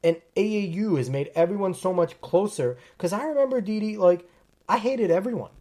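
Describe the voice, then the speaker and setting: Guy hosting a sports podcast, emphatic, gets animated telling stories. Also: sits high, brisk. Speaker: podcast host. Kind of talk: casual sports chat.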